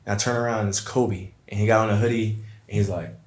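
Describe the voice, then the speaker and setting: A low-voiced man, a podcast guest spinning animated stories and slipping into other people's voices as he quotes them. The sound is roomy and echoey, as if recorded in an untreated room. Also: fast. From Brooklyn, New York. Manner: animated storyteller, acts out quotes. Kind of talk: casual storytelling chat.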